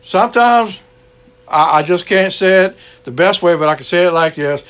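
Earnest male preacher, fairly high voice. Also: expressive, normal speed, a bit bright, smooth. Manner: earnest, repeats key lines, ends in prayer. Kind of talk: sermon. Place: online gathering.

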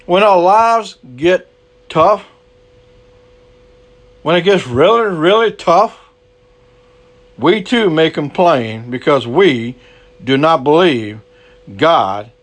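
A man's voice: a little high, lively intonation, slow pace, long pauses. A man preaching a sermon, earnest and repetitive, stretching words for emphasis.

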